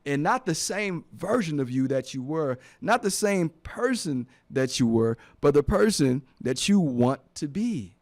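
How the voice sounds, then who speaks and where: Earnest man with a slightly high voice. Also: very animated, measured pace, hardly any pauses. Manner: earnest, heartfelt, repeats phrases for emphasis. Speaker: radio show host. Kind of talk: motivational radio talk. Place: radio studio.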